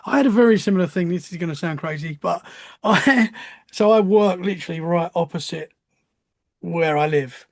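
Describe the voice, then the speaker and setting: A man's voice: sits high, normal speed, no room sound. A man hosting a podcast, chatting casually with an eager, attentive manner. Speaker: podcast host. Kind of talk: casual interview chat.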